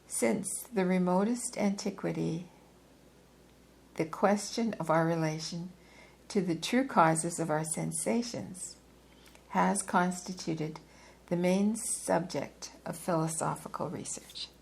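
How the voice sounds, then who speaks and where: Female reader, low gravelly voice, unhurried and deliberate, reads a philosophy text with occasional asides. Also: poor audio. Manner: measured, deliberate reading with occasional asides and self-corrections. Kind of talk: reading a philosophy book aloud.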